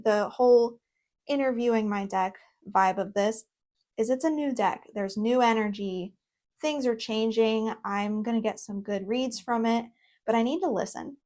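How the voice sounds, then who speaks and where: At home on her own microphone, a young tarot content creator with a fairly high voice reviews an oracle deck in a casual vlog. She reads the card meanings aloud, then slips into excitable, chatty asides punctuated by quick laughs.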